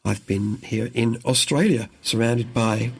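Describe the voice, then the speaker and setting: Gravelly-voiced man, mixed English accent. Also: mid-range voice, measured pace. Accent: mixed English accent with international influences. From southeast England. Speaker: leadership coach, podcast guest. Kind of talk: relaxed interview conversation.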